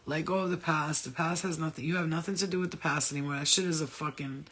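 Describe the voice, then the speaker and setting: Husky, high-pitched man in a blunt, profane rant. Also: steady tone, fast talker, a bit bright. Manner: blunt, profane, rambling, talks straight to the viewer. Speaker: spiritual vlogger. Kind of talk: casual motivational rant.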